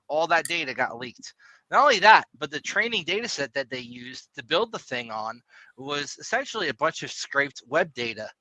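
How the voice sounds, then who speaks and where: A man with a bright, ringing voice pitched a little high, co-hosting a casual tech podcast. He rambles in long, animated runs and laughs often. The sound is dry and close. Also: no room sound, low-quality recording. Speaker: podcast co-host.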